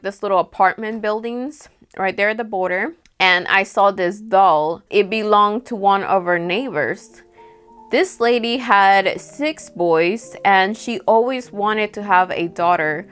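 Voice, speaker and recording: A woman's voice: mid-range voice, a bit bright. A woman telling a personal ghost story in a casual storytime vlog, chatty and full of "like", with faint music underneath. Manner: chatty, peppered with "like" and acted-out quotes. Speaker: storytime vlogger.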